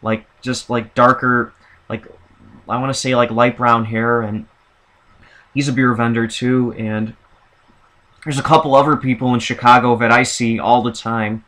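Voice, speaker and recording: A man's voice: mid-range voice, level tone, a little slow, fairly bright tone. A man vlogging a casual, opinionated monologue, rambling with many fillers and restarts.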